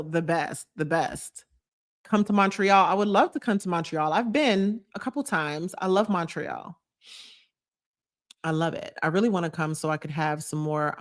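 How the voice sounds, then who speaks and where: A woman vlogger chatting casually on a live stream, gushing and reading out viewer comments. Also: deep voice. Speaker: vlogger hosting a live chat.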